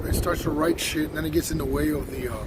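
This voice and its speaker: A man live-streaming as he walks a city street, talking loudly and excitably, laughing and swearing often. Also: a little high, fast talker. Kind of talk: casual live-stream vlog. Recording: noisy street with passing traffic. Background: traffic noise.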